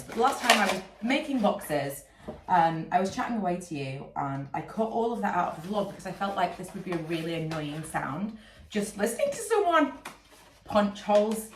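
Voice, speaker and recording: Congested woman chatting in an echoey room. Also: fairly low pitch. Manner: rambling, chatty, many fillers. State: congested from a cold, sniffling. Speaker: vlogger and candle maker. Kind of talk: casual chat to camera. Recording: echoey room, mic a little far, noisy.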